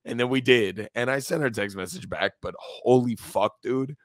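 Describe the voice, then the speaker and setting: A man chats on a podcast, swearing freely and emotional, close to tears with a breaking voice. His voice sits at a middle pitch. The sound is dry and close. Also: moderate pace, no echo. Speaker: podcast co-host. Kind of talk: casual podcast chat.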